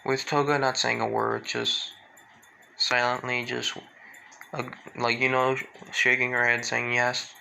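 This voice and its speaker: A man telling a fan story aloud, rambling and halting with fillers and restarts. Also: mid-range voice, little pitch movement, gravelly, sharp tone, a little hiss or hum, low-quality recording. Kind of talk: improvised fan-fiction narration.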